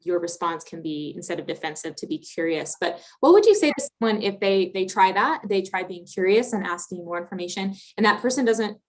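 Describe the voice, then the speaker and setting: A woman's voice: mid-range voice, animated, fairly quick, few pauses. A woman hosting a livestream question session, friendly and affirming, reading viewer questions with many fillers.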